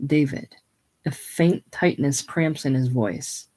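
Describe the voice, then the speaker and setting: A reader casually reading a play's stage directions aloud in a steady, plain way. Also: medium pitch, slow pace. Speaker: reader of a play.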